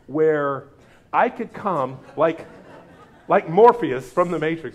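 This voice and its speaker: A man preaching a sermon as pastor, acting out quotes with big jumps in his voice. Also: measured pace. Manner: animated, acts out quotes with big pitch jumps.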